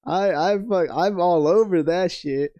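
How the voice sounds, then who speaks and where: High-voiced laid-back guy, dry sound. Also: unhurried, dark tone, no echo. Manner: laid-back, playful, jokey bro talk. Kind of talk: casual chat while gaming.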